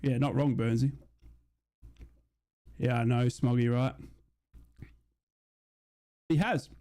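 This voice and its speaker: A young man hosting a live football watch-along, chatting casually and reading out viewer shout-outs. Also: mid-range voice, fairly even intonation, slow. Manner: chatty, reads out chat messages and shout-outs. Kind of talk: casual live-stream chat and mock commentary.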